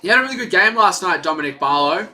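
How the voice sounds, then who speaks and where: A man's voice: sits high, animated, fast talker, bright, forceful tone. A man giving casual, rambling live play-by-play commentary on a stream, chatty and full of fillers. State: out of breath.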